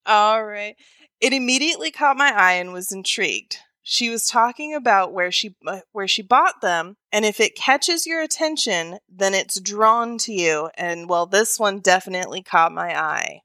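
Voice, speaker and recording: A woman's voice: medium pitch, lively intonation, sharp tone, dry recording. A woman co-hosting a podcast, chatting casually and joking while she reads out a listener's story. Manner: chatty, joking, quick asides. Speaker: podcast co-host.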